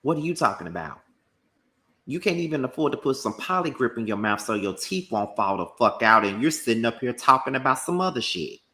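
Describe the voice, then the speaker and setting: A man delivering a combative, profane commentary rant packed with rapid-fire rhetorical questions. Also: medium pitch, big pitch swings, sharp tone. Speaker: commentary YouTuber.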